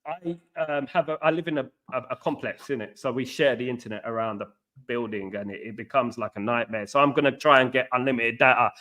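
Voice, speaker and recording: Medium-pitched, fast, bright, and forceful, the voice belongs to an East London-accented fan channel host from the East End. He hosts a live match-day stream chat from home in an apartment complex abroad, emphatic and repetitive, addressing his viewers as mates.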